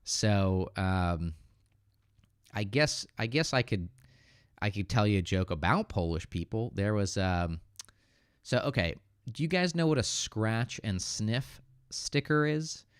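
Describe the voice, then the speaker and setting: Low-voiced American man, hesitant. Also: expressive, slow pace, clear, resonant tone, dry recording, studio quality. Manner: hesitant, thinks aloud with restarts. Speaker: English teacher hosting a livestream. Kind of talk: casual livestream Q&A.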